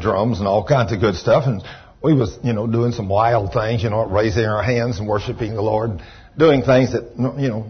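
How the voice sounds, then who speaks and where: A man preaching a storytelling sermon in a church, folksy and animated, sometimes rising to shouts of praise. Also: medium pitch, husky. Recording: dull lo-fi church recording.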